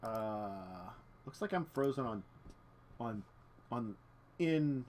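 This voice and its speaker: A man's voice: medium pitch, lively intonation, slow pace, darkish tone, slight background noise. A man running a tabletop game stream as game master, chatting casually and laughing at his own technical troubles. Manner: chatty, self-deprecating, laughs often.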